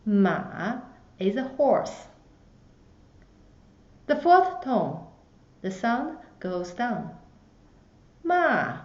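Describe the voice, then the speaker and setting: A woman teaching a beginner lesson, slowly demonstrating each tone with exaggerated pitch. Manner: slow, careful, exaggerated tone demonstrations. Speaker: Chinese language teacher. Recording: roomy, slightly dull recording.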